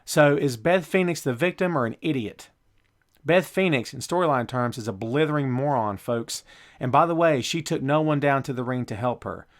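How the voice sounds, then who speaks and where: A man's voice: mid-range voice, moderate pace. A man hosting a wrestling talk show, giving blunt, opinionated commentary full of rhetorical questions. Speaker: show host.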